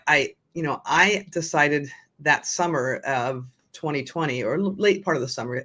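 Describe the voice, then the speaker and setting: Older woman, low earnest voice. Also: fairly bright tone. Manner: earnest, with frequent restarts. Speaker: guest, nonprofit founder. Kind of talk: conversational storytelling.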